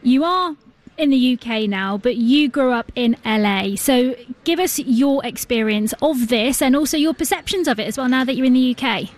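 A woman hosting a radio discussion, briskly inviting her guests to speak. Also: high-pitched, expressive. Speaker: radio host.

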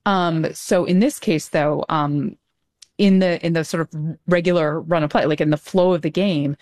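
A woman's voice: low-pitched, steady tone, normal speed, darkish tone. A woman talking as a guest in casual conversation, explaining things thoughtfully with many ums and light laughter. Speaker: guest commentator.

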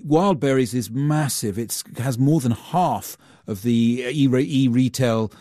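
A man's voice: medium pitch, slow pace, mellow, no room sound. A man reporting as a global affairs correspondent in a radio newsroom studio, explaining steadily with some fillers. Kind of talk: news analysis in studio.

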